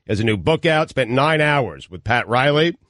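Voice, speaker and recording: A man's voice: medium pitch, sing-song, normal speed, a bit bright, no echo. A man co-hosting a sports radio show, reading briefs and trading dry jokes. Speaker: radio co-host. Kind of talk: casual sports radio banter.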